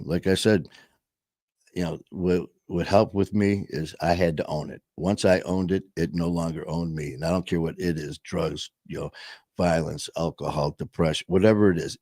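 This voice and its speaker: Man, very low voice, dry close sound, casual rambling monologue, emphatic, swears a lot. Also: warm tone, dry recording. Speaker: show host.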